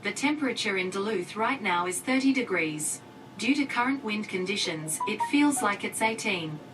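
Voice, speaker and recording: A woman's synthetic voice-assistant voice giving polite, even, scripted answers from a smart speaker in the room. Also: normal speed, music in the background. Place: room, heard through a live show mic. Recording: distant speaker with faint rumble.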